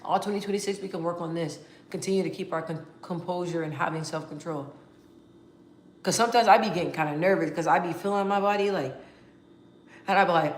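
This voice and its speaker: A woman vlogging casually to her viewers, talking in an animated, emphatic way with slang and frequent restarts. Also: fairly low pitch, brisk, roomy sound. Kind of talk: casual talk to camera.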